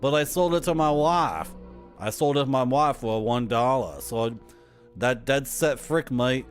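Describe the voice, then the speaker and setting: A man's voice: mid-range voice, unhurried, soft background music, lightly acted. A man putting on a brash, crude Australian bloke. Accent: put-on Australian. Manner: swearing, boastful.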